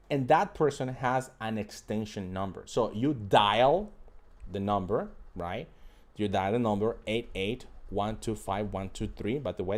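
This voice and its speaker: A man with a fairly low, somewhat mellow voice teaches a live online English lesson. He speaks directly to his viewers as a group and drills phrases by repeating them.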